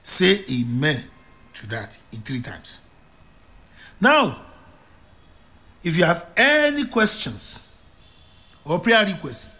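Man, evangelist sermon, high voice, swings up and down a lot. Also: bright, forceful tone. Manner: emphatic, repetitive preaching with stammered restarts. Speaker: evangelist preacher.

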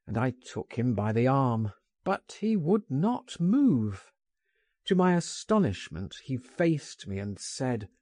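A man narrating a first-person audiobook, reading in an urgent, coaxing manner with lively emphasis. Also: mid-range voice, slow, dry recording, studio quality.

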